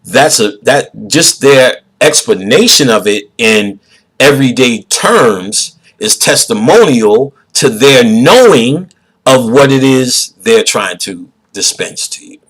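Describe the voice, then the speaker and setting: A man, a podcast host giving a profane, preachy monologue that swings into loud outbursts. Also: mid-range voice, expressive, slow pace, husky, rough recording.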